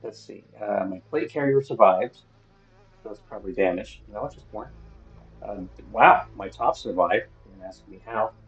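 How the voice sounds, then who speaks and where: A man's voice: lowish voice, normal speed, dull audio. A man talking to himself while playing a survival game, grumbling and swearing at what happens on screen. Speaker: gaming streamer. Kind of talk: solo gameplay commentary.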